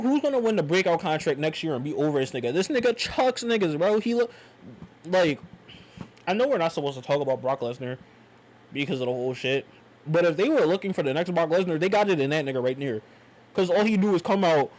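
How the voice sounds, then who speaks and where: A young man giving a loose, slangy, rambling wrestling review, animated and casual. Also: a little high, slight background noise, poor audio.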